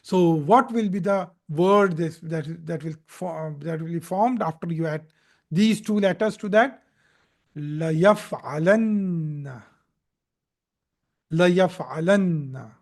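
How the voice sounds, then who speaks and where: A man with a fairly high, gravelly, slightly mellow voice teaches Arabic grammar in a live video lesson. He explains slowly and step by step, repeats key points, corrects himself, and keeps checking in with "Okay?"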